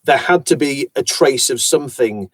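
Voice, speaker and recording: A man from Yorkshire, an audiobook narrator, chatting about his voice work in an animated storytelling manner. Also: medium pitch, moderate pace, dry recording. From Yorkshire, England. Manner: animated, chatty storyteller who slips into accents. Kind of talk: casual conversation about voice work.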